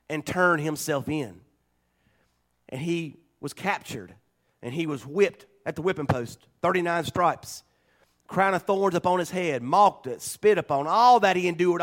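High-voiced preaching pastor, man. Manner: swings between loud preaching and quiet asides. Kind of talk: sermon.

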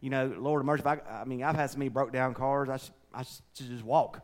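A middle-aged man preaching a folksy, conversational sermon, swinging between loud and quiet. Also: mid-range voice, fairly even intonation, quick pace. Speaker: pastor.

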